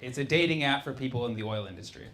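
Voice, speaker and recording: A man performing a stand-up comedy set on a club stage into a handheld mic, deadpan with sudden loud punchlines. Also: medium pitch, fast talker. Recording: noisy live club recording with crowd laughter.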